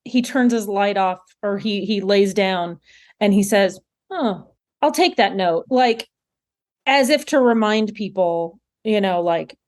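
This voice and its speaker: A woman's voice: mid-range voice, measured pace, darkish tone. A woman co-hosting a podcast, reacting to a TV episode in gushing, chatty talk full of "like". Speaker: podcast co-host. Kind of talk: casual chat recapping a TV episode.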